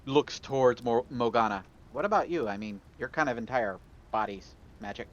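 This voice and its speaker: A man's voice: medium pitch, animated, normal speed, highs cut off, a little hiss or hum. A man playing in a tabletop game, chatting casually and describing his character's actions. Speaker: player.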